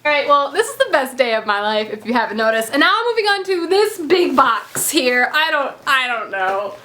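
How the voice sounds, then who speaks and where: Giddy high-voiced woman vlogger. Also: big pitch swings, normal speed, pushed and bright. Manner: gushing, breathless and giggly, stumbling over names. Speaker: book vlogger. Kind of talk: excited unboxing vlog. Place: home, indoors.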